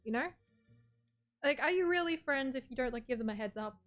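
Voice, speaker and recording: A woman's voice: high-pitched, lively intonation, fairly quick, fairly bright tone, soft background music. A young woman streamer giving casual, rambling commentary while playing a story game, chatty and full of "like". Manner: chatty, rambling, with frequent "like" and laughs. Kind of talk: casual let's-play commentary.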